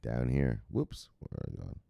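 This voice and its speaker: A man's voice: rumbling low, very animated, moderate pace, gravelly, no room sound, dull audio. A man hosting a crypto news livestream in a loose, rambling way, swearing freely and barking out catchphrase sign-offs. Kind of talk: casual livestream chat.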